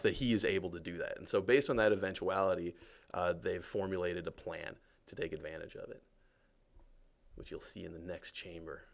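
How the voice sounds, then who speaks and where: A man's voice: low voice, vocal fry. A man, a game developer, giving casual and jokey live commentary while touring a game, with lots of fillers. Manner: chatty and jokey, many fillers.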